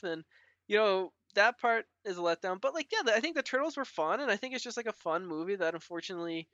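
Bright, chatty man on a dull podcast mic. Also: sits high, lively intonation, quick pace, dry recording. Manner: chatty, heavy use of "like" fillers, laughs often. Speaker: podcast co-host. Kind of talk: casual chat.

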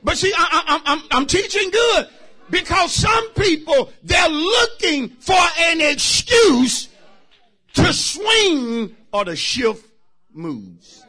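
A man preaching a sermon as pastor, emphatic and talking straight to his congregation, bursting into shouts. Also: very high-pitched, big pitch swings, slow pace, some chatter behind. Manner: talks directly to the congregation.

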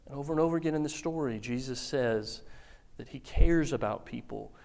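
A man preaching a sermon, telling the story with lively acted-out quotes. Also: medium pitch, a little fast, creaky. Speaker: pastor.

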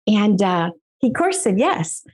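A woman's voice: mid-range voice, sing-song, unhurried, darkish tone, husky. Earnest middle-aged woman telling her story. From United States. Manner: earnest, emotional storytelling with laughs. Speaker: guest. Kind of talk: personal faith testimony.

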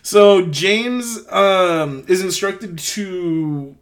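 A man's voice: high-pitched, very slow. A man co-hosting a film podcast, cracking crude jokes and laughing a lot in casual chat. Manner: jokey and profane, laughs a lot. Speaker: podcast co-host.

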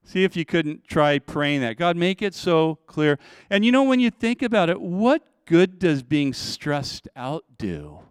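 High, smooth-voiced man preaching a sermon. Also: big pitch swings, a little slow, hardly any pauses, dry recording, studio quality. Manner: conversational preaching, acting out prayers in a soft voice. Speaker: pastor.

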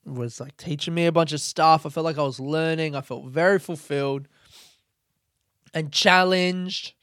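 Young aussie guy, laid-back rambly monologue, smooth clear voice, dry close sound, self-mocking. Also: a little high, steady tone, normal speed, fairly bright tone, dry recording. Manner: rambling, self-deprecating, swears freely. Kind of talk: casual monologue.

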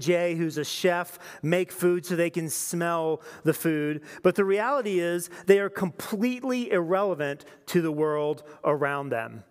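A man's voice: sits high, clear, resonant tone, big-room sound. A man giving a sermon as pastor, talking to the congregation in a conversational, storytelling way.

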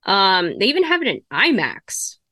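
A chatty woman co-hosts a casual podcast, thinking aloud as she clicks through things. Her voice is bright and forward at a middle pitch, recorded close and dry. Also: huge pitch swings, moderate pace, no room sound. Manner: chatty, thinks aloud while browsing ticket sites. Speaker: podcast co-host. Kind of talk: casual chat.

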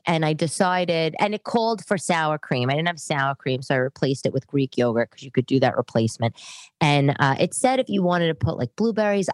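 A woman's voice: low voice, dry recording. Chatty, rambling middle-aged woman host. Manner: chatty, rambling, tangent-prone. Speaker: podcast host. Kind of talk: casual monologue. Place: her living room.

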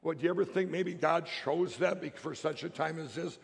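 A man's voice: a little high, brisk, vocal fry. A man giving a speech to an audience, telling a rambling, emphatic story with many restarts. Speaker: public speaker. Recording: long hall reverb.

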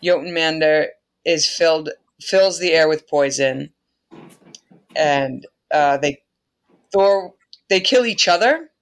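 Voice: mid-range voice, slow pace, pauses often. A podcast host retells an old myth in a loose, irreverent way. The delivery is chatty, with frequent laughter and the odd swear word.

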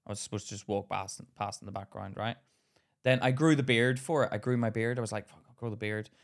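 On a casual podcast, a co-host with a lowish voice talks fast. He laughs plenty and acts out quotes as he animatedly spins stories.

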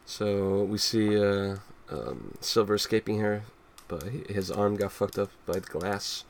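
A man with a lowish voice talks through comic pages in an easygoing, unhurried manner. He fills pauses with "uh" and "um" and drops casual swearing along the way. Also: creaky. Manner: laid-back narrating, many fillers and swearing. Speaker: host reading a fan comic aloud. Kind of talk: casual chat.

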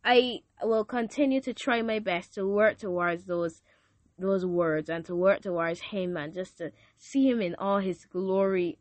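A podcast host thanks her listeners in a casual message, speaking emotionally and devoutly and repeating herself often. Her mid-range voice is bright and forceful, and the recording is dry.

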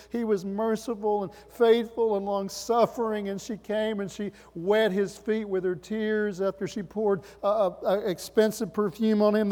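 High-voiced pastor preaching in a hall. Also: male voice. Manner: impassioned preaching, rising loud then dropping quiet. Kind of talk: sermon.

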